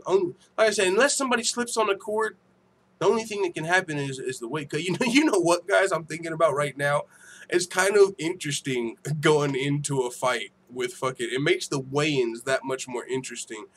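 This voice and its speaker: A man hosting a casual livestream, reading viewer comments aloud with profane, laughing, animated banter. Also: on the high side, a little fast, a little hiss or hum. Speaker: MMA show host.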